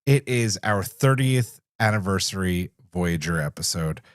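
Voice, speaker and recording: A man hosting a podcast, chatting casually in an animated, jokey way. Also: low-pitched, a little slow, no echo, clean studio sound. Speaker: podcast host. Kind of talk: casual chat.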